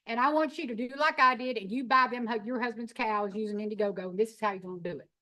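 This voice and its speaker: A middle-aged woman, telling her story in an animated, folksy, emphatic way. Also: on the high side, quick pace. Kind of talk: storytelling talk.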